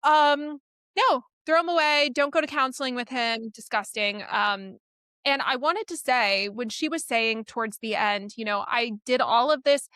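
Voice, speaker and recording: Woman, podcast co-host, bright tone, blunt and indignant, dry close sound. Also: on the high side, normal speed, clean tone, no echo. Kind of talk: casual podcast chat.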